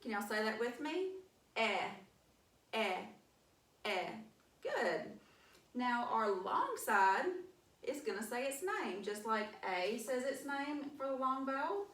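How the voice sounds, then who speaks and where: A woman teaching a phonics lesson, sounding out letters in a slow, encouraging way. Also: on the high side, sing-song, a bit bright. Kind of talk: mock phonics lesson to an imagined class. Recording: echoey room, voice from a distance.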